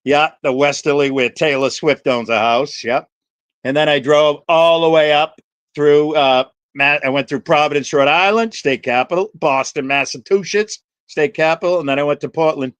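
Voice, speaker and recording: A man's voice: fairly high pitch, normal speed, a bit bright, clean tone, dry recording. A man hosting a livestream, chatting with viewers by name in a rambling, profane, jokey way. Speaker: livestream host.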